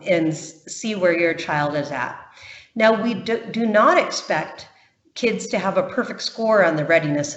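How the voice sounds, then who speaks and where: A woman walks parents through an application process in a webinar, patient and reassuring, with many small ums between points. Her voice sits a little low, and the sound is muffled and roomy. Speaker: camp admissions presenter. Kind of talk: explanatory webinar presentation.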